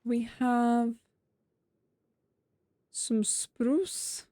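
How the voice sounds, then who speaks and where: A woman streamer talks through her building in an unhurried, leisurely way, musing out loud and teasing herself. Her voice sits a little high, and the sound is close and dry, with no room in it. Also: steady tone, no room sound. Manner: chatty, self-mocking, thinking aloud while building. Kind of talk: casual gameplay commentary.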